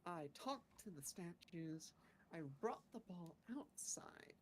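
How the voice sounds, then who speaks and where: A woman voicing a blunt, curious young adventurer woman, speaking in short, plain, deliberate statements. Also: on the low side, animated, a little hiss or hum. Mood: matter-of-fact.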